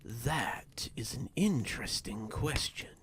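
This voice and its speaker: A man voicing a tall, inhuman male creature who makes deals, speaking in a hushed, creeping whisper. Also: medium pitch, lively intonation, slow pace, a little hiss or hum. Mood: sinister whisper.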